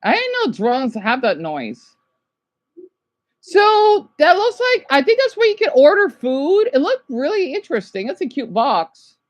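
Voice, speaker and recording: A woman's voice: sits high, huge pitch swings, measured pace, dry recording, muffled recording. A woman streaming casually, rambling and chatting to viewers by name as she reacts to a video. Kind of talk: casual live-stream chat.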